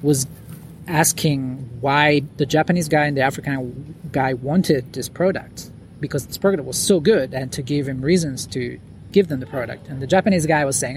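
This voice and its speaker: A mid-range male voice at normal speed comes through with slight background noise. The casual interview chat, recorded outdoors on a lawn at night, finds this podcast guest rambling with many fillers and false starts.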